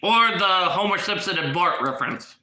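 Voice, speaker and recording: A man's voice: high voice, expressive, normal speed, pushed and bright, reverberant, rough recording. A man with a stuffed-up nose from illness, ranting in a casual vlog, agitated and often repeating and restarting his words. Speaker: YouTuber.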